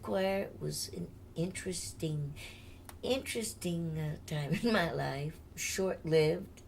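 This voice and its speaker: A woman's voice: fairly low pitch, lively intonation, a little slow, vocal fry, slight background noise. An older woman, a singer, telling her life story in a candid, chatty interview and laughing often.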